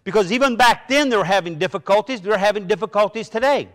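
Speaking fast in a high, fairly bright voice, a middle-aged pastor gives a sermon in a church sanctuary. His delivery is conversational, full of personal stories and frequent restarts.

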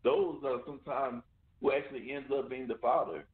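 A man's voice: mid-range voice, fairly even intonation, normal speed. Male radio host, mid-range voice, conversational, heard over a tinny phone line. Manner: conversational, repeats "you know what I'm saying". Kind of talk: casual radio talk.

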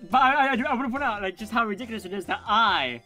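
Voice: medium pitch, racing, soft background music. A co-player chatting and joking casually over a game stream. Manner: joking, animated. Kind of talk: casual chat over gameplay.

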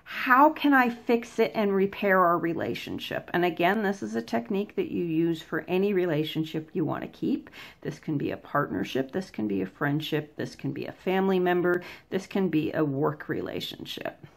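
A woman's voice: on the low side, brisk, vocal fry, a little mellow. A woman hosting a vlog, giving advice in a casual, conversational way. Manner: conversational, plain-spoken, acts out examples. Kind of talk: casual explanatory talk.

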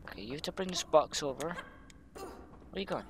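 A man playing a video game and commenting casually, swearing often and shouting at the characters on screen when they mess up. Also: on the high side, animated, fairly quick, noisy background. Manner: swears a lot, yells at the game. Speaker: let's play gamer.

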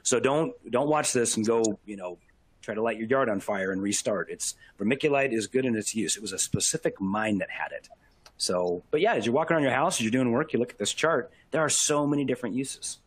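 A man's voice: mid-range voice, fairly quick, slightly rough, no room sound. A man giving a casual safety presentation, explaining and warning the audience, checking in with "okay?".

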